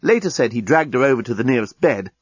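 Guy reading an audiobook, husky and animated, dry slightly muffled sound. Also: medium pitch, fast talker, no echo. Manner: lively, theatrical storytelling. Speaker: audiobook narrator. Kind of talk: expressive audiobook narration.

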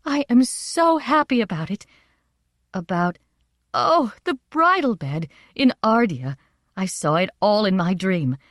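A woman voicing an excitable queen and mother who exclaims in a high, rushed voice. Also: no room sound, clean studio sound, natural voice. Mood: overjoyed. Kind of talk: audiobook character voice.

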